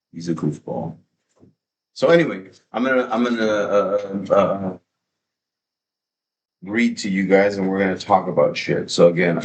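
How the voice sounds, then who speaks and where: A man hosting a livestream, talking in a casual, excitable, rambling way with plenty of swearing, into a desk mic at his home setup. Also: low-pitched, a little hiss or hum. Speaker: livestream host. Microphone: desk microphone.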